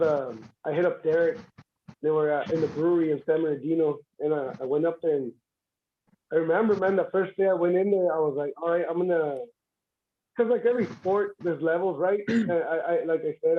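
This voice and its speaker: Brief: talkative high-pitched man, muffled call audio with faint hiss, stumbling and repeating himself. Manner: rambling, repeats words, laughs often. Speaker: guest arm wrestler. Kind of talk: casual livestream chat.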